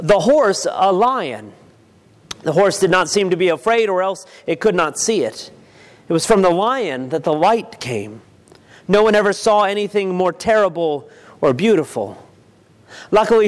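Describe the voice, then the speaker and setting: A man slowly reading a novel excerpt aloud, with deliberate storytelling and dramatic pauses. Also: high voice. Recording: long reverb.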